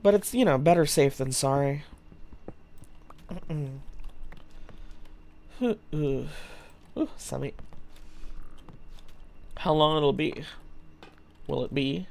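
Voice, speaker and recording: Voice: mid-range voice, very slow, vocal fry, long pauses, darkish tone. A young adult streamer chatting casually with viewers while gaming, joking dryly and swearing now and then. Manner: chats to viewers while playing.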